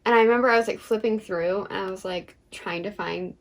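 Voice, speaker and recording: A woman's voice: medium pitch, brisk. A young woman co-hosting a book vlog, chatting casually with lots of fillers and frequent laughs. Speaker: book vlogger co-host. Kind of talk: casual chat.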